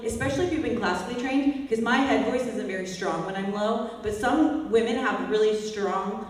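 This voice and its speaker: A woman leading a vocal master class, explaining technique in a chatty, informal way and breaking into short sung examples. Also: mid-range voice. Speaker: vocal coach. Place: large hall, heard from a distance. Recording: echoey hall recording from far off.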